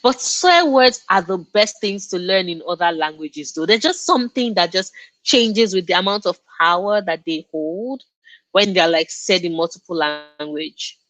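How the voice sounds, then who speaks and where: A young woman whose first language is Yoruba, hosting a casual live stream and reacting to chat with quick laughs. Her voice is dry and close on the mic, with no room sound. She talks in loose, chatty bursts. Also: fairly low pitch, expressive, a bit bright, no echo. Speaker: book streamer hosting a reading check-in.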